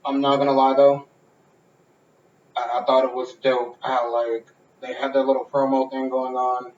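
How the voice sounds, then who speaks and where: A man's voice: mid-range voice, little pitch movement, moderate pace, a little mellow. A man hosting a casual podcast from a garage, talking in a loose, rambling way with plenty of swearing. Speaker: podcast host. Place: home garage. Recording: roomy, distant, dull garage sound.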